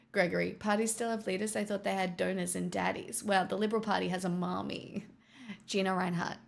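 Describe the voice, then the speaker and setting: A woman in a casual stream chat, her mid-pitched voice carrying a steady gravelly fry. She answers viewer messages with dry, sardonic asides and keeps tossing in "right?". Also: a little fast. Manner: wry and sardonic, peppered with "right?" and "truly". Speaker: streamer reading viewer donations.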